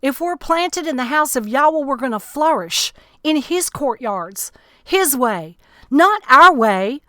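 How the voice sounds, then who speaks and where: A woman's voice: sits high, animated, a little slow, fairly bright tone, no echo, clean studio sound. A woman ministering on radio, reading psalms and commenting emphatically, repeating key lines.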